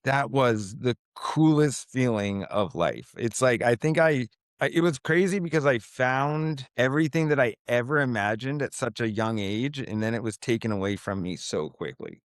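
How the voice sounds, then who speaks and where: Heard at a medium pitch with studio-quality sound and no room echo, a podcast guest in his thirties speaks from home. A baby is audible nearby as he chats casually through the interview, leaning on fillers and laid-back slang.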